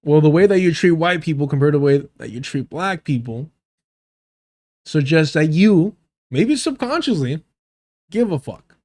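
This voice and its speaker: His voice runs a little high with a darkish tone, animated and at a normal pace, broken by long pauses. As a livestream host, he addresses his chat head-on with sarcastic, profane reactions.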